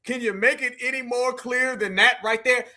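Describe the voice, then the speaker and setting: A man's voice: very high voice, steady tone, moderate pace, pushed and bright. A man hosting a live stream, giving heated, emphatic commentary and repeating phrases for effect. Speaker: livestream commentator.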